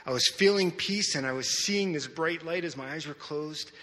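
A man preaching a sermon, telling a personal testimony with lively storytelling that swings between loud outbursts and hushed moments. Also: fairly high pitch, moderate pace. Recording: reverberant hall.

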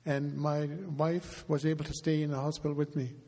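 A man, a pastor, speaking to his congregation in a halting, emotional way with touches of humor. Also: on the high side, completely flat delivery, a little mellow. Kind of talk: heartfelt address to congregation. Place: church sanctuary. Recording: long reverb of a large hall.

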